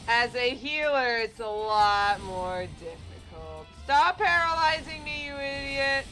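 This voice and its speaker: Casting: excitable woman gamer, high bright voice, unhurried, faint game music under her. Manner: excitable, exclaiming and laughing at the game. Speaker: gamer playing on a channel. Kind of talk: casual let's-play commentary.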